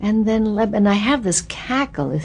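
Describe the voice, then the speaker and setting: An expressive woman being interviewed, recounting her acting stories with lively energy. She slips into the voices of the people she quotes, and her voice sits at a mid pitch. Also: moderate pace, breathy edge. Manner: animated, expressive storyteller who acts out quotes. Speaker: actress interviewee.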